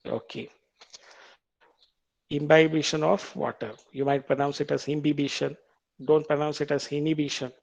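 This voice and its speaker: A man with an Indian English accent lecturing on biology, reading quiz questions aloud, repeating them slowly and explaining the answers patiently. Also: a little high, flat delivery, gravelly, dry recording. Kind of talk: quiz-style classroom lecture.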